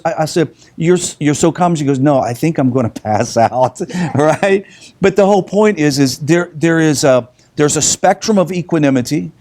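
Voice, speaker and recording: A middle-aged man giving a relaxed, conversational lesson to a class, often restarting his sentences and stopping on fillers. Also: fairly high pitch. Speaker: teacher.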